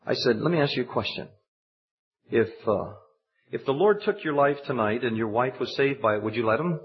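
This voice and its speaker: Man, preacher, story-driven sermon, rising emphatic delivery, dull lo-fi sound. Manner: rises to high, emphatic preaching. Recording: dull lo-fi recording.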